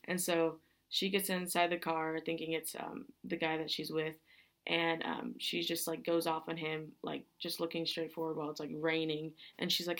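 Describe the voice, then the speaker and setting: Young woman on a podcast, kinda low voice, pretty flat, lots of "like" and "um". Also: moderate pace. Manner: rambling, many fillers and restarts. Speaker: podcast host. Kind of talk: casual film recap.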